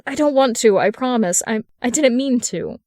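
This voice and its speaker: A woman's voice: high voice, lively intonation, slow, no room sound, pitched above the performer's own voice. A woman voicing Briar, a young working girl in a storybook reading, with a rising, pleading voice.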